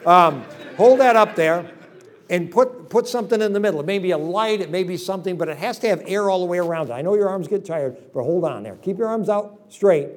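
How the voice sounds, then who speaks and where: Man, fairly high voice, folksy revival preacher, joking storyteller, talks to a congregation. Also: brisk. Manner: leads the audience through a hands-on exercise. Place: church service.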